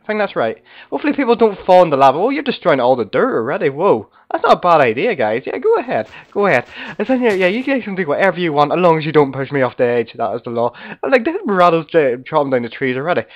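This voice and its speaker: Rambling, slightly hoarse gamer man. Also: fairly high pitch, sing-song, quick pace, dull audio. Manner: rambling, chatty, talks to viewers and fellow players. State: slightly hoarse from being sick. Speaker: gaming video host. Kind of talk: casual game commentary.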